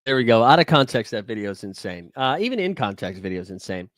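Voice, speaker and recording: A man's voice: fairly low pitch, sing-song, fast, a bit bright, soft background music. A young man hosting a live fantasy sports stream, talking casually and jokily with lots of filler words. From New England.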